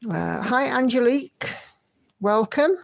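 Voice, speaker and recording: A woman hosts a relaxed livestream from home, greeting viewers by name in a friendly, chatty way. Her voice has a gravelly edge, and the sound is dry and close. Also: on the high side, unhurried, no room sound. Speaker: livestream host. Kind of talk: casual livestream chat, reading viewer comments.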